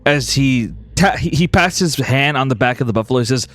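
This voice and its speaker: A man's voice: medium pitch, lively intonation, fairly quick, fairly bright tone. A man narrating a tabletop game as game master in a casual manner, full of fillers.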